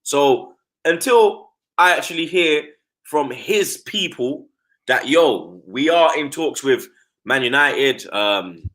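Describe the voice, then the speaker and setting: A man holds forth on football in casual live-stream chat, his voice jumping up and down with lively swings. His tone is bright and punchy, and he throws in street slang and tag questions constantly. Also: fairly high pitch, slow pace. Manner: animated, slangy, repeats tags like "blood" and "you get me". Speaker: football fan pundit.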